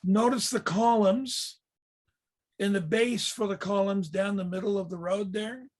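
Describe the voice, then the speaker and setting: A man leading a Bible history lesson, explaining pictures in a measured way with frequent fillers and restarts. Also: high-pitched, steady tone, a little hiss or hum. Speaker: tour leader and teacher.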